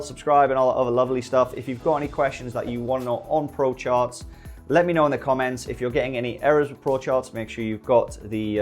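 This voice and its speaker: A middle-aged British man giving a relaxed software walkthrough tutorial, full of joking, rambling asides. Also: medium pitch. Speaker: day-trading YouTuber. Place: home desk early morning.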